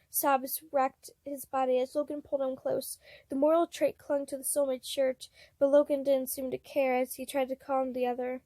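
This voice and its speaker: Girl reading fanfic out loud, high voice, dry close mic, chatty asides. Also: normal speed, dry recording. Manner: expressive, breaks off to comment. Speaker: fan fiction reader. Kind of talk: reading fan fiction aloud.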